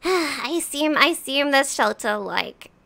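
Woman game streamer, high gravelly voice, chatty and foul-mouthed with chat. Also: animated, a little slow, sharp tone. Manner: chatty, swears casually, talks to chat. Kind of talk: live gameplay commentary.

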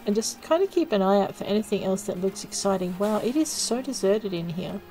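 Lady chatting thru her game, mid pitch, jokey and a bit self-mocking, talking to herself on a desk mic. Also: lively intonation, a little fast, warm tone, faint music behind, rough recording. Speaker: let's play gamer. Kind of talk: casual gameplay commentary.

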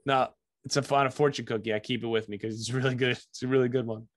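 A man co-hosting a podcast talks fast with a mid-range voice and fairly even intonation, recorded in clean, dry studio sound. The chat is casual, and he jokes and laughs often.

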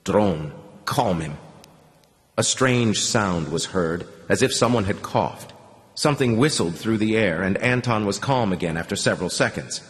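A man narrating an audiobook in a dramatic, expressive reading style. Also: fairly low pitch, moderate pace. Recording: long reverb on the voice.

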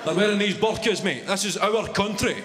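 A man's voice: high-pitched, fairly quick, heavy background noise, pitched above the performer's own voice, lightly acted. A man voicing a bigoted middle-aged Glaswegian man with a Glaswegian accent, muttering and ranting, on an echoey arena stage. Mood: indignant. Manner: muttering, then indignant ranting. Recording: echoey arena with loud crowd.

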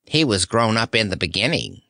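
A man's voice: lowish voice, big pitch swings, a little fast, vocal fry, sharp tone, no room sound, clean studio sound, full character voice. A man voicing a gloomy, doubting male dromedary in a storybook reading. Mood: sniffy. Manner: groaning, sniffing.

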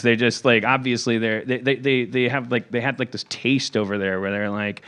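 A man hosting a podcast, tipsy and rambling in halting, restarting casual talk. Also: mid-range voice, fairly even intonation, a bit bright, smooth. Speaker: podcast host. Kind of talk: casual chat.

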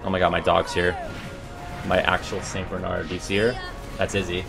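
A man's voice: sits low, steady tone, moderate pace, gravelly, long pauses, music in the background. Cursing, jokey male game streamer. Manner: swears a lot, jokey, swings from mumbling to yelling. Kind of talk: casual game-stream commentary.

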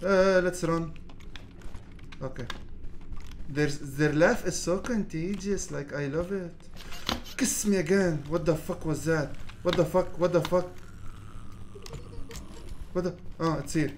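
A gaming channel host giving laid-back let's play commentary, mumbling and swearing, then yelling at the monsters. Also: mid-range voice, takes it slowly, pauses often, a little hiss or hum.

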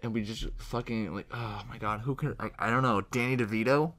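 A man's voice: medium pitch, brisk, fairly bright tone. Profane, rambling young man. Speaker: co-host. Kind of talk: casual podcast chat.

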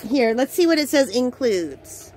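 A woman's voice: on the high side, very animated, unhurried, darkish tone. A woman hosting a crafting channel, chatting casually and enthusiastically at home while unboxing, with the hiccups. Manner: chatty, enthusiastic, easily delighted. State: has the hiccups.

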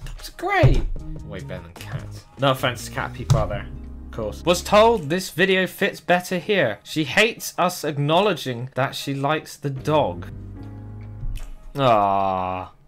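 A young man, giving jokey, excitable commentary while reacting to funny animal videos for his channel. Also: mid-range voice, unhurried, soft background music. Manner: excitable, jokey, talks to the viewer. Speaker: YouTuber reacting to animal clips.

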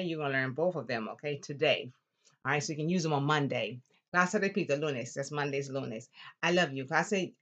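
A woman teaching a lively classroom language lesson, drawing out words slowly for the class to repeat. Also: low voice. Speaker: Spanish teacher.

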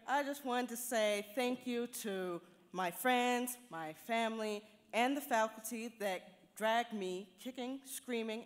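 A woman's voice: fairly high pitch, fairly bright tone. A young woman graduate giving a joking, rousing speech of thanks. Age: young adult. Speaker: graduating student. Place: large hall at a ceremony. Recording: reverberant hall.

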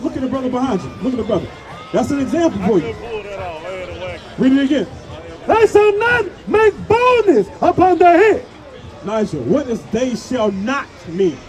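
A man with a very high voice preaches on a crowded parade route, firing question after question at passers-by. Loud music and a chattering crowd fill the background of this outdoor recording. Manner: pressing, repeatedly asks questions, sometimes shouts. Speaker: street preacher. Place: outdoors at a busy street parade.

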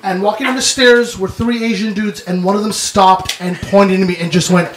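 A male stand-up comedian telling a story on stage, animated and laughing through his lines. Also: sits high, moderate pace, roomy sound, a little hiss or hum. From Canada. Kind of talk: stand-up set.

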